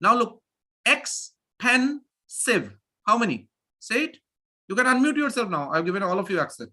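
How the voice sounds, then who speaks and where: A man teaching pronunciation in a live online class, energetic and repeating phrases as he drills his students. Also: sits high, quick pace. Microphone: video call.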